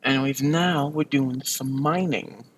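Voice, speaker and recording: A man's voice: medium pitch, measured pace, low-quality recording. A man recording a let's play, rambling casually with lots of fillers and restarts as he talks over his gameplay.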